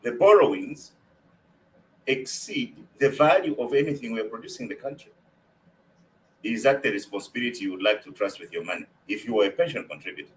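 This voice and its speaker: A man's voice: mid-range voice, expressive, a little fast, rough recording. A man giving policy views in a remote discussion, emphatic and fond of repeating his key points. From Zambia. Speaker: guest economist.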